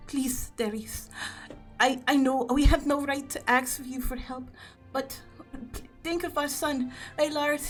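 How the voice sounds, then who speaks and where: A woman voicing a desperate mother who pleads softly through tears. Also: high-pitched, voice pushed up. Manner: soft, breathy, pleading. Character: pleading mother, desperate and tearful, turned ant.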